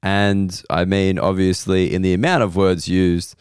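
Australian man, comedian, hoarse, low and smooth, dry close sound, slow rambling stories. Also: little pitch movement, a little mellow, no room sound. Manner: slow, rambling, self-deprecating storytelling. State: losing his voice. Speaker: comedian podcast host. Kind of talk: casual comedic monologue.

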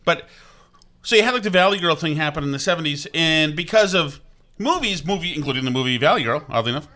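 Fast and animated, a middle-aged Vermont man rambles in casual chat, repeatedly circling back with asides and fresh starts. He has a bright, forward-ringing voice pitched a touch high for a man.

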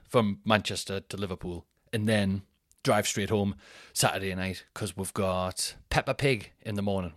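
A man's voice: sits low, fairly bright tone, dry recording, studio quality. A young man hosting a podcast, telling rambling, self-mocking stories in a casual monologue. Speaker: podcast host.

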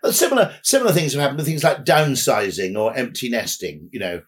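A man's voice: medium pitch, expressive, fast, slightly rough. A man as a podcast guest, talking in a rambling, anecdotal way with dry asides. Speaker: guest, advertising executive. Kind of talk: conversational podcast interview.

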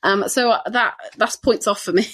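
A woman's voice: medium pitch, normal speed, fairly bright tone. A woman co-hosting a cookbook podcast, joking bluntly in casual chat. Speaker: podcast co-host.

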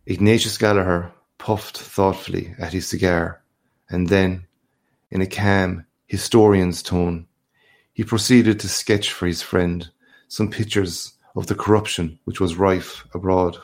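Brief: male audiobook narrator, low voice with a gravelly edge, measured literary reading. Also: fairly even intonation. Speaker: reader. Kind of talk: scripted narration.

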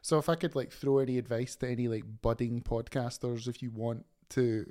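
A man's voice: medium pitch, fairly even intonation, fairly quick, mellow. A man co-hosting a podcast, rambling casually with lots of fillers. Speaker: podcast co-host. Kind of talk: casual chat.

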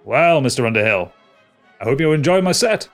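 A man's voice: mid-range voice, lively intonation, a little fast, fairly bright tone, faint music behind, pitched above the performer's own voice. A man voicing a smug male bard who stole another's name, theatrical and fawning, with a thread of menace. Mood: flamboyant. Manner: theatrical, fawning stage patter.

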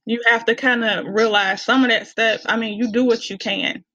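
A woman with a Southern US accent, a podcast guest speaking in candid, animated casual chat and laughing often. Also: fairly high pitch, normal speed, dull audio. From Arkansas, US.

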